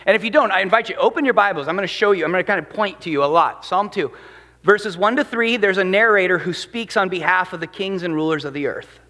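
A fast-talking pastor with a high voice preaches in what sounds like a big room. The sermon is animated and conversational, peppered with questions for the audience.

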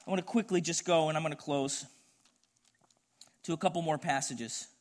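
Earnest middle-aged preacher man, higher voice. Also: moderate pace. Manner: earnest, conversational storytelling preacher. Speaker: pastor. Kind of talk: sermon.

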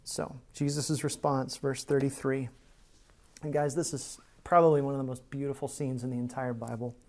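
Brief: male pastor mid-sermon, earnest, talks to the congregation like friends, drops to a hush then builds. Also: mid-range voice, level tone, moderate pace. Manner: earnest, shifts from hushed to emphatic; conversational asides to the congregation.

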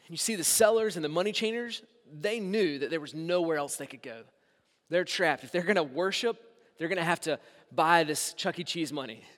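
A man in his thirties with a high, bright voice preaches to his church. His delivery is animated and swings from quiet, drawn-out asides to loud, punchy emphasis. The long reverb of a big hall trails behind each phrase. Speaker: pastor. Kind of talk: sermon.

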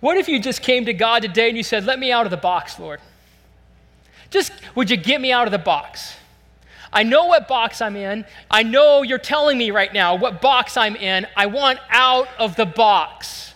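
Earnest, bright-voiced male pastor preaching. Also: extremely high pitch, moderate pace, big-room sound. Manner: earnest, animated preaching, acting out prayers in first person. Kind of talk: sermon. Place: church service.

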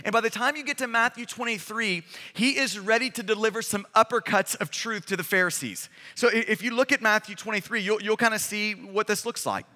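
A man's voice: high voice, a little fast, few pauses, pushed and bright. A male pastor preaching a sermon, reading scripture with emphatic, dramatic delivery. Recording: long hall reverb.

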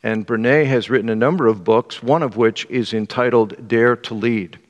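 Pastor preaching in a reverberant hall. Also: male voice, medium pitch, normal speed, lo-fi sound. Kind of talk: sermon with read excerpt.

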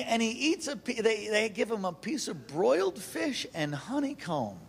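Intense middle-aged male preacher with a high, bright voice, animated storytelling sermon. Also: a little hiss or hum.

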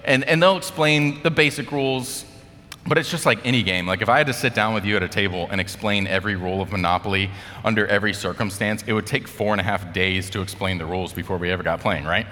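A man's voice: fairly low pitch, fast, bright, forceful tone, in a large hall. An American man giving a casual sermon, telling a story in a chatty way with lots of fillers. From United States. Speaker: speaker.

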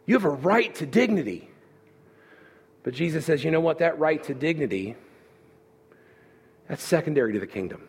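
Male pastor preaching, husky voice, rises high for rhetorical questions, lively. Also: moderate pace, long pauses. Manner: animated preaching, voicing listener objections. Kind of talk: sermon.

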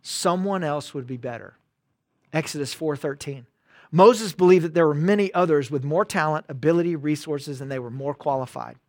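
A man preaching a conversational sermon, swinging between loud emphatic bursts and quiet asides. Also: fairly high pitch, moderate pace, no room sound, clean studio sound. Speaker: pastor.

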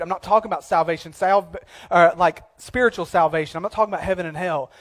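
Man, high voice, preaching, impassioned, swings between quiet and forceful. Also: fairly even intonation, quick pace, hardly any pauses. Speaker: pastor. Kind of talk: sermon.

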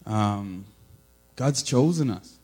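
A man giving an informal, earnest sermon, building to loud emphatic peaks, with a mains hum behind him. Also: fairly low pitch, animated, extremely slow, rough recording. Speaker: preacher.

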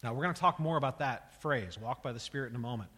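A man's voice: mid-range voice, fast talker, pushed and bright, husky, long reverb tail. A male pastor preaching a sermon with an emphatic manner, often repeating words and building in intensity.

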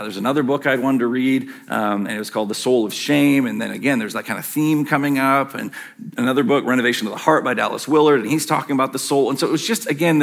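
A man's voice: mid-range voice, vocal fry, fairly bright tone. A middle-aged man preaching a casual, self-deprecating sermon to his church, with plenty of fillers and asides. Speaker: pastor. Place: church sanctuary.

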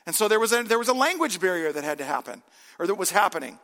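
A man's voice: high voice, lively intonation, fast talker, bright, forceful tone, long reverb tail. A man in his forties, a pastor preaching a sermon in a church in a conversational way, with self-deprecating humor. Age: 40s. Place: church sanctuary.

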